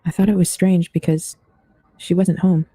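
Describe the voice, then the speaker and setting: A man narrating true ghost stories in a steady, level reading voice. His tone is very dark and mellow, and it stays flat with little rise or fall. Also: high-pitched, moderate pace, slightly rough, dry recording. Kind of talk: scripted true-story narration.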